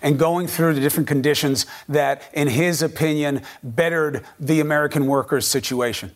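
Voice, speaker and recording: Guy anchoring a news show, pushy and argumentative, voice on the higher side. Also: steady tone, normal speed. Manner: forceful, argumentative, pressing. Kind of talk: pointed cable news interview.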